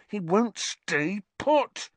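Guy doing a scared snappy teen boy wizard, voice pushed way up, shouting and hissing, dry audiobook sound. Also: sits high, big pitch swings, drawn-out words, no echo, voice pushed up, full character voice. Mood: irritated. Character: panicky hot-tempered teenage boy wizard. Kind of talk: audiobook character voice.

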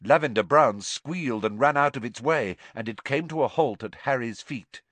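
A man narrating a story in a dramatic, expressive reading style. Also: medium pitch, moderate pace, no echo. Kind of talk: audiobook narration.

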